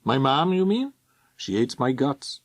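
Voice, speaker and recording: A man reading aloud, voicing a sharp-tongued Welsh teenage boy who talks in a teasing, sardonic way. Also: medium pitch, big pitch swings, unhurried, no room sound, pitched above the performer's own voice. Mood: mocking.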